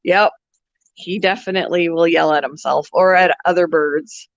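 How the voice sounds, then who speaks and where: A woman's voice: fairly low pitch, steady tone, moderate pace, no echo. A woman hosting a pet channel, chatting casually on a livestream, laughing often and answering viewer comments. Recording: dull lo-fi sound.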